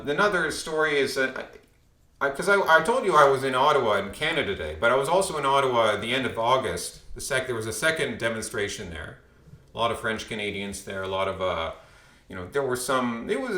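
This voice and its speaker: A man talks through a casual monologue that rambles and often restarts mid-phrase. His voice is bright and forward. A roomy echo sits around it. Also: medium pitch. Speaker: commentator vlogger.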